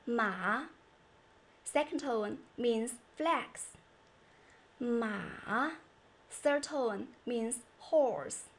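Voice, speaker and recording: High-pitched woman teaching a lesson, talks real slow and clear. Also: fairly bright tone. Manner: slow, carefully enunciated, demonstrating tones. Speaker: Chinese teacher. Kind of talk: scripted language lesson.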